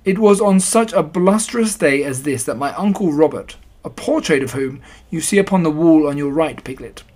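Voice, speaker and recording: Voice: mid-range voice, lively intonation, normal speed, darkish tone, natural voice. A reader voicing a pompous, solemn old owl in a storybook reading, long-winded and formal.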